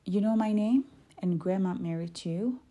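A woman reading aloud, voicing a shy fourth-grade girl in a high, girlish voice. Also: expressive, slow, warm tone, husky, full character voice. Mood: timid. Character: bullied fourth-grade girl, timid then delighted.

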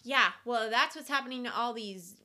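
High, bright, giggly young woman. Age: late 20s. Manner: giggly, playful, quick to laugh. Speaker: podcast co-host. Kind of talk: casual chat.

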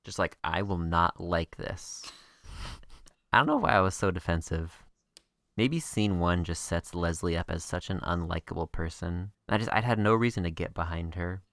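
A woman co-hosting a podcast, chatting casually with a wry, skeptical edge. Her voice sits very low for a woman. The sound is dry and close, with no room to it. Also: expressive, dry recording. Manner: wry, skeptical, fast recaps. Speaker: podcast co-host. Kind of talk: casual chat.

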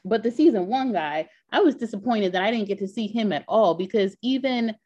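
A woman co-hosting a podcast in casual chat, talkative and quick to laugh, with lots of filler words. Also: medium pitch, expressive, warm tone. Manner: chatty, laughs often, many "like" fillers. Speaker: podcast co-host. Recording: dull lo-fi sound.

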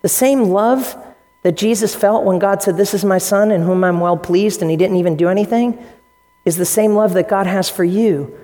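A woman's voice: medium pitch, moderate pace, warm tone. A woman preaching a sermon in a church hall, speaking earnestly and directly to her congregation. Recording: long hall reverb, faint music behind.

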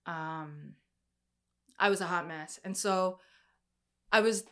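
A young woman speaks softly to her audience while telling a personal story. She talks haltingly and emotionally, often restarting her sentences. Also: lowish voice. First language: Korean heritage, speaks some Korean.

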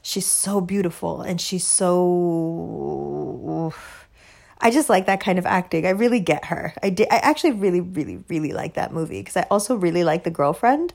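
A woman's voice: on the low side, lively intonation, normal speed, gravelly, darkish tone. A woman telling a personal story in a casual monologue, emphatic and heavy on profanity, laughing often.

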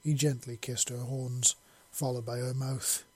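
A man reading fan fiction aloud, steady with small slips and restarts. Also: medium pitch, measured pace, husky. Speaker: narrator.

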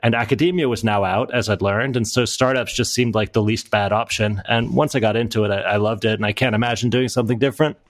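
A man's voice: fairly low pitch, fairly even intonation, quick pace, few pauses, dry recording. A middle-aged American man from Florida, a guest talking casually and self-deprecatingly in an interview, often restarting his sentences. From United States (Florida). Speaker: guest, author and entrepreneur.

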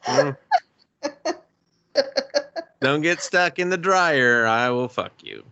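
A man's voice: medium pitch, expressive, unhurried, creaky, bright, forceful tone, clear, resonant tone, lo-fi sound. A man co-hosting a casual podcast, cracking sarcastic, swearing jokes and riffing in silly voices. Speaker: podcast co-host. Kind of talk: casual joking banter.

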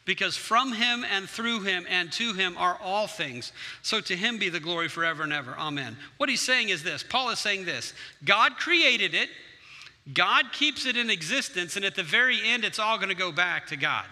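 A man's voice: high-pitched, animated, normal speed, sharp tone. A man preaching a sermon as pastor, earnest and conversational, acting out his own prayers. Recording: long hall reverb.

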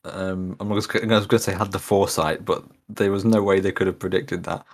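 A co-host in a casual podcast chat, speaking in a relaxed, hesitant way with many restarts. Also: low voice, fairly quick.

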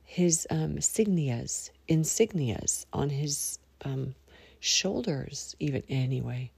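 A woman's voice: deep voice, expressive, slow, vocal fry, a little mellow, breathy edge, no room sound. A woman from the United States hosting a casual podcast monologue, chatty and rambling, often sinking to a near whisper, with prayerful asides. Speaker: podcast host.

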